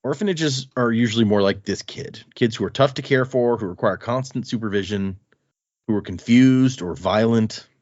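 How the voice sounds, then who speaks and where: A man's voice: medium pitch, normal speed, darkish tone, no room sound, highs cut off. A man co-hosting a podcast, casually and animatedly retelling chapters of a book. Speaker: podcast co-host.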